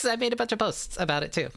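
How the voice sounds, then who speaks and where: A woman streamer in pain and low on energy, rambling casually with her chat and swearing now and then. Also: creaky, a bit bright, no room sound.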